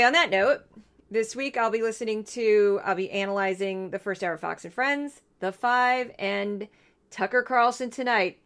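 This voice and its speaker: A woman's voice: mid-range voice, fairly bright tone. Indignant woman hosting a solo podcast. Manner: blunt, indignant, sarcastic asides. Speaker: podcast host.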